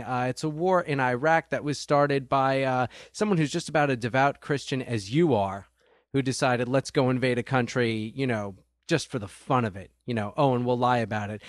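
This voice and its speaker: A man's voice: mid-range voice, dry recording, clean studio sound. A man delivering a profane, sarcastic comedic rant straight to the listener. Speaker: comedic ranter.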